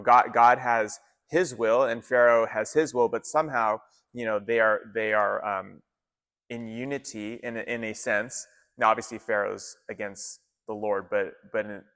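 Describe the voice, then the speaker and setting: Male pastor, laid-back sermon, mid-pitched voice, echoey hall. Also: a bit bright. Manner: conversational, casual slang, frequent restarts. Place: church gathering in an arts center.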